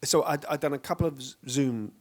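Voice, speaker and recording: An actor speaking in a casual onstage Q&A, chatty and self-deprecating, often breaking into laughter. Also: male voice, mid-range voice, a little fast. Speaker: actor guest on a panel.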